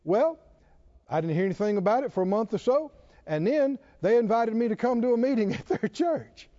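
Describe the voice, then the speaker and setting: A man's voice: very high voice, expressive, fairly quick, mellow, highs cut off. A man preaching a sermon, pressing his listeners with pointed rhetorical questions.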